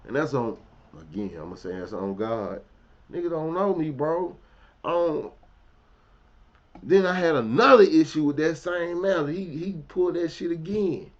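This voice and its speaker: A man telling a blunt, profane personal story in casual street slang, swinging between loud, heated outbursts and low, quiet asides. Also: lively intonation, measured pace. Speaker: commentary vlogger. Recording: dull, lo-fi audio.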